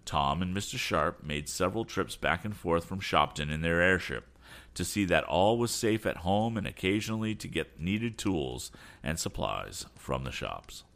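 A man hosting a podcast, reading a storybook aloud in an expressive manner with small slips. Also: low-pitched, normal speed. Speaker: podcast host and story reader.

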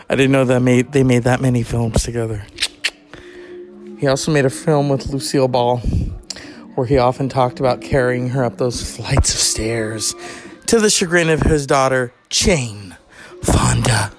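Faint music plays behind a man who hosts a podcast, rambling unhurriedly through anecdotes in a casual, loosely told monologue. His pitch is medium.

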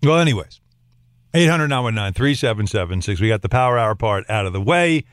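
A man's voice: fairly low pitch, fairly quick, no room sound, clean studio sound. A man hosting a sports radio show, bantering and teasing a guest. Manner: teasing, animated, mimics people.

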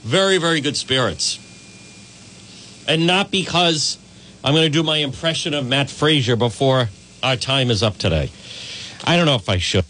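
A man's voice: mid-range voice, lively intonation, moderate pace, pauses often, bright, forceful tone, slight background noise. A man hosting a morning radio talk show, boisterous and exuberant, greeting listeners by name.

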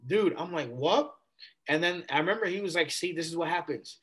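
A man in his twenties, a podcast guest, telling a story in a casual, animated way and replaying conversations with casual slang. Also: on the high side, a little fast, breathy edge. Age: 20s.

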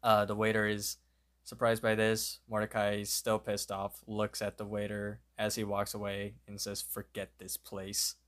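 Man, podcast co-host, steady scene-by-scene retelling, flat delivery, clear voice. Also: fairly low pitch, normal speed. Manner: plain, steady play-by-play retelling with fillers. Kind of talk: episode recap narration.

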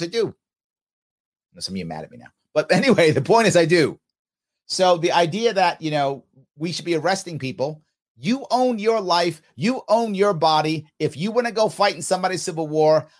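Animated, high-pitched man. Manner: animated, emphatic, repeats points for emphasis. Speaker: podcast host. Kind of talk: solo commentary responding to listener comments.

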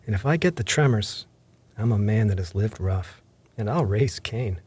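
A man voicing an ailing old sea captain who pleads and curses in rough sailor talk, in an audiobook reading. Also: on the low side, darkish tone, dry recording. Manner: coaxing, then gruff and rough-spoken.

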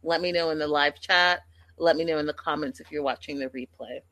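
A woman's voice: deep voice, fairly quick, a bit bright, no echo. Chatty, gossipy woman livestreamer. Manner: chatty, gossipy, addresses the audience directly. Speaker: livestream host. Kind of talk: casual recap chat.

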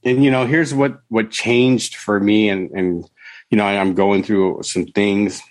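A man's voice: fairly low pitch, steady tone, measured pace, no echo. A middle-aged man telling his own story in conversation, candid and rambling, with many "you know" and "right?" asides. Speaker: podcast guest, author and counselor.

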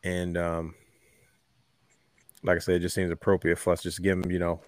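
A man hosting a casual podcast chat, heartfelt and unhurried, with many fillers and pauses. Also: low voice, completely flat delivery, noisy background. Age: adult with a young son. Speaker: podcast host.

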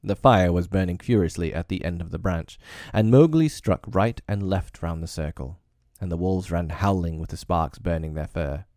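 A man narrating a classic story for his own podcast, measured, a little hesitant when speaking off-script. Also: low voice, darkish tone, no echo, studio quality.

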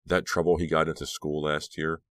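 A man's voice: very deep voice, flat delivery, moderate pace, fairly bright tone, no room sound. A man voicing a sarcastic, anxious teenage girl in an audiobook, raising his voice and speaking dryly. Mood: wry, uneasy. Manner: raised girlish voice, dry and uncertain.

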